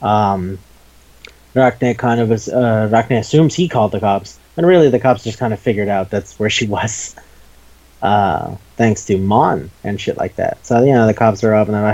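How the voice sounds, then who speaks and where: Animated, foul-mouthed man on a dull recording. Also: on the low side, normal speed. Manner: animated, profane, laughs often, acts out quotes. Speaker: podcast host. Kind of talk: casual chat retelling a manga.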